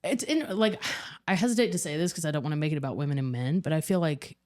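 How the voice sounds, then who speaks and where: A woman's voice: low voice, fast talker, darkish tone. A woman hosting a podcast, chatting casually and laughing easily. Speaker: podcast host. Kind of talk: casual chat.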